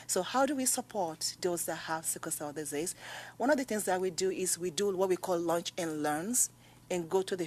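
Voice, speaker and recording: Earnest woman testifying at a hearing. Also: on the low side. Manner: earnest, recounting stories, rising to emphatic. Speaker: witness and patient advocate.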